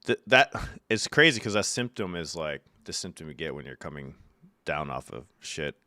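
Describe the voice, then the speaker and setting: A young man from Syracuse, New York, chats casually with his live chat from a room at home, reading out messages and telling loose, profane stories punctuated by bursts of laughter. His voice rumbles low but has a sing-song, sharp quality at a moderate pace. The sound is clean studio quality with no echo.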